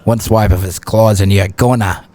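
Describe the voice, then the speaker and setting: A man imitating a grave nature-documentary narrator, in a low, dramatic voice. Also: fairly even intonation, moderate pace, darkish tone, natural voice.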